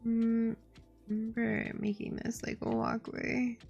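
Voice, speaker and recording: A woman's voice: fairly high pitch, completely flat delivery, takes it slowly, gravelly, a little mellow, lo-fi sound, soft background music. A woman streaming her game development work, chatting casually and rambling with lots of "like" and giggles. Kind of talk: casual chat while working on a game.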